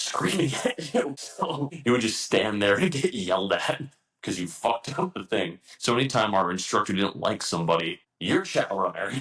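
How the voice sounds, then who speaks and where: A young man in casual conversation, telling stories bluntly and peppering them with swearing. His voice sits low for a man. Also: fairly bright tone, rough recording. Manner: profane, blunt, storytelling. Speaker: guest, air force intelligence analyst. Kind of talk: casual chat.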